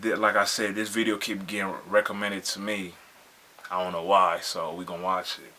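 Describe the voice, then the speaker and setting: A man's voice: deep voice, little pitch movement, normal speed, pushed and bright. A man hosting a reaction video, commenting casually in laid-back slang and often asking "you feel me".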